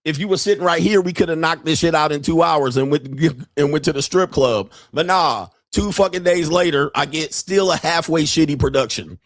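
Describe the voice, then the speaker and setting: A man's voice: on the high side, brisk, few pauses, dry recording. Brash ranting man, very dry sound. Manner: brash, ranting, laughs often, mimics people. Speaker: podcast host. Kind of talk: profane livestream monologue.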